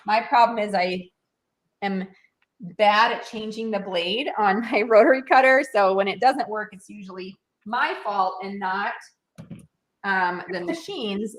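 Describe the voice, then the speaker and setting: A woman's voice: mid-range voice, unhurried. A woman giving a live sewing and craft demonstration, chatting through each step with lots of fillers.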